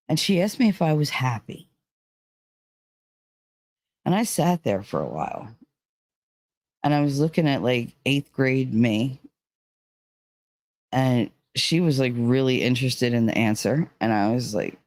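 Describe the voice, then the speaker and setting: A woman's voice: low voice, normal speed, long pauses, a little mellow, dry recording, clean studio sound. A woman hosting her own channel, retelling a dream in a rambling, candid way with lots of filler words and the odd swear. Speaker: channel host. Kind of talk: casual monologue retelling a dream.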